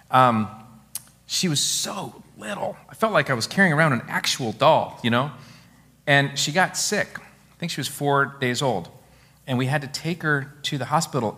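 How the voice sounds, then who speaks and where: A middle-aged male pastor preaches with a bright, forceful voice. He tells his stories in an animated, expressive way. The sound carries a long reverb, as in a large hall. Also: medium pitch. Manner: storytelling, animated, laughs at his own stories. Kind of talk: sermon.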